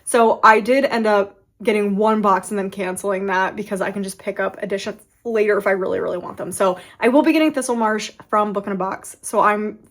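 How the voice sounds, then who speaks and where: A woman in her thirties talks through her reading in a loose, rambling vlog style. She keeps restarting her sentences mid-thought and has hiccups. Her voice sits at an ordinary pitch. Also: fairly even intonation, brisk, few pauses. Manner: rambling, self-interrupting, with frequent restarts. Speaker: book vlogger. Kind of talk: casual chatty vlog.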